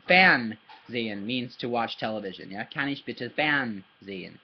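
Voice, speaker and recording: On a dull recording with a little hiss or hum, a German tutor with an expressive mid-range voice gives a child a casual lesson at normal speed. Patient throughout, he repeats words, often asks "yeah?", and demonstrates sounds using paper and his hand.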